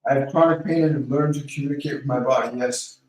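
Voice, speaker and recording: A man hosting a live question-and-answer stream, calmly coaching viewers by name and guiding them through slow breathing. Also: mid-range voice, distant mic. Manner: calm, coaching, speaks directly to viewers by name. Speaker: host of a live Q&A. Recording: very echoey room, voice off-mic.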